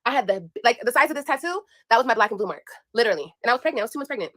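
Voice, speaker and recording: A young woman vlogger tells her viewers a personal story directly, casual, blunt and full of profanity, with lots of emphasis. Her voice sits a little high and sounds expressive and fairly bright, and she races through her words.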